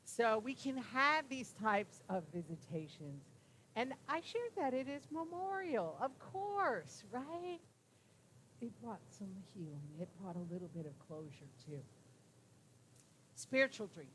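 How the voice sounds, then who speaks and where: A woman's voice: fairly high pitch, sing-song, measured pace, a bit bright, a little hiss or hum, rough recording. A woman giving a live talk on dreams to a room audience, speaking conversationally, sharing personal stories and checking in with tag questions.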